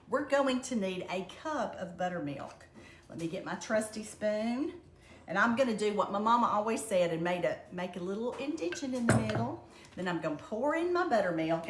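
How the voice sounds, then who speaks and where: An older Southern woman with a Southern American accent, chatting folksily through a home cooking demonstration. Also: medium pitch. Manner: chatty, folksy, addresses viewers as y'all. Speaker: home cook. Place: home kitchen. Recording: echoey kitchen with background noise.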